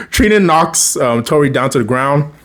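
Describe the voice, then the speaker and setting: A man's voice: fairly high pitch, lively intonation, takes it slowly, fairly bright tone. A man casually recapping a TV episode in a rambling way, chuckling often and acting out the characters' lines. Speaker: TV episode reviewer.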